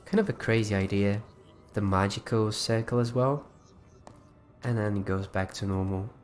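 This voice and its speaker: A man's voice: on the low side, fairly even intonation, normal speed, faint music behind. Chatty man rambling on a livestream. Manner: rambling, chatty, frequent restarts. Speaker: livestream host. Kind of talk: casual livestream chat.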